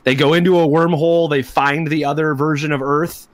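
A man's voice: a little high, steady tone, fairly quick, dry recording. Upbeat man riffing in a dry close sound. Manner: playful, jokey, builds ideas with repeated "right?". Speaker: podcast co-host. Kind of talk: casual chat about comics.

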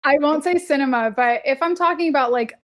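Chatty young woman, slightly high voice. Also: fairly quick, fairly bright tone. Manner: chatty, heavy on filler words, laughs often. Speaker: podcast co-host. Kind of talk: casual chat.

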